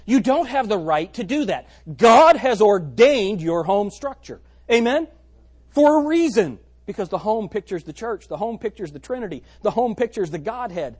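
A man preaching a sermon as pastor, swinging between loud emphatic lines and hushed ones. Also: high voice, sing-song, moderate pace, breathy edge.

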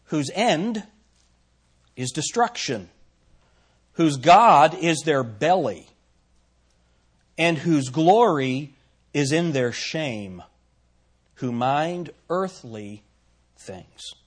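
Husky, animated preacher man. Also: a little high, extremely slow, long pauses. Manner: animated preaching with rhetorical questions to the congregation. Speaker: pastor. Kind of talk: sermon.

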